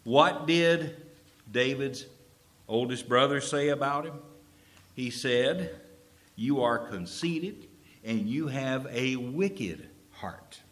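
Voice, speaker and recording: Male pastor, mid-range voice, animated sermon storytelling, roomy reverb. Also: mid-range voice, slow pace, long pauses. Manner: animated storytelling, acts out quoted characters. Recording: roomy echo.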